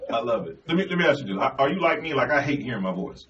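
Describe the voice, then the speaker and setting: Male radio host, excitable, playful, lively pitch, faint hiss in the background. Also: rapid-fire, dull audio. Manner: excitable, laughs easily, playful teasing. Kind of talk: casual radio interview chat. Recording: distant mic with faint hiss.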